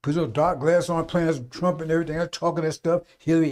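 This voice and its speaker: Guy ranting on his radio stream, pitched up high, folksy and rambling. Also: flat delivery, fast talker, darkish tone. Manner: folksy, rambling, scolding, with mocking put-on quotes. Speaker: radio preacher. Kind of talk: unscripted radio talk.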